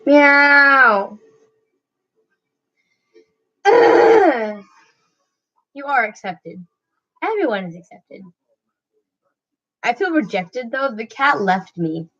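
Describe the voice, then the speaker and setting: A young woman chats casually with a friend, playful and giggly, poking fun at herself. Her voice sits high and she takes her time. The recording is dull and lo-fi. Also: very animated, slow, pauses often, slightly rough. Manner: playful, giggly, self-mocking. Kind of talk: casual chat between friends.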